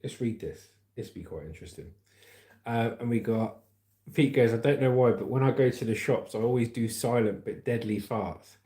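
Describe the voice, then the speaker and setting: A chatty man hosts a casual livestream, joking his way through viewer comments and news. His voice is mellow and dark, and it sits at a middling pitch. The sound bounces around an echoey room. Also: normal speed. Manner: chatty and cheeky, laughing at his own jokes. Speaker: livestream host.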